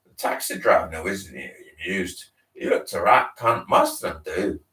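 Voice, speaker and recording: A man reading a novel aloud, giving the characters expressive dialect voices. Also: low voice, normal speed. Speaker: reader. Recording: roomy, distant mic.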